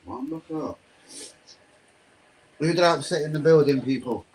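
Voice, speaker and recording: A young man hosting a live football stream, chatting to his viewers in slangy, excitable talk with frequent swearing. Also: on the high side, normal speed, slightly rough, rough recording. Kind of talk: casual live-stream commentary. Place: home room.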